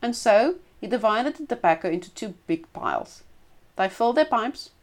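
A woman reading a folk tale aloud as storyteller, expressive with small stumbles and restarts. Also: a little high, moderate pace.

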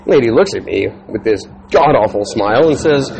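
A man telling a comic story in an exasperated, incredulous manner, building to outbursts, over steady background noise. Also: medium pitch, brisk, hardly any pauses, low-quality recording. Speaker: comedian.

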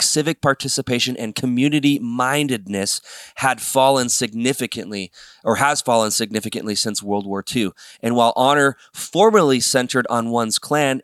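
A man's voice: medium pitch, fairly bright tone, no echo, clean studio sound. A man hosting a casual talk show, reading from a book and chatting between passages, laughing often. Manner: chatty, laughs often, drifts into a put-on New York accent and out again. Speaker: podcast host.

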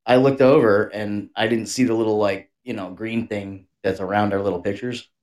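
Lower-voiced male co-host, casual crude banter over a video call. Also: fairly even intonation, moderate pace, darkish tone. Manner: profane, rambling. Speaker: podcast co-host. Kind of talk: casual chat.

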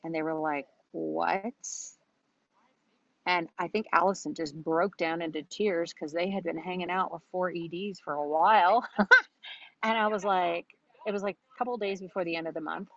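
Gravelly chatty woman coach, lo-fi audio. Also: fairly low pitch, normal speed, no echo. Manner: chatty, animated, laughs often, quotes herself in bubbly voice. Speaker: business coach. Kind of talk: casual coaching talk. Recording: dull lo-fi audio.

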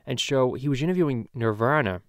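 A man's voice: medium pitch, lively intonation, brisk, no room sound, close to an everyday voice. Man doing a rambling, foul-mouthed cartoon dad for a parody podcast, mid-range voice, dry close sound. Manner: rambling, profane, loose storytelling. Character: crude rambling middle-aged cartoon dad. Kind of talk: casual podcast chat.

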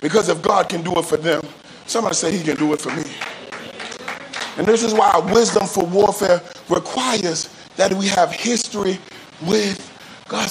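A male pastor preaching a sermon with call-and-response, often rising into shouts and sung phrases. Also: sits high, moderate pace, slight background noise, low-quality recording. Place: church service.

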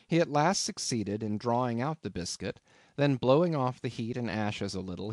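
A man reading a classic novel aloud as an audiobook narrator, in an expressive, dramatic way. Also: medium pitch, no room sound, studio quality.

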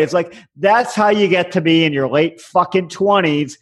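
A man's voice: high voice, moderate pace, few pauses. A man co-hosting a podcast, ranting in casual chat with a lot of profanity and indignation. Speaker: podcast co-host.

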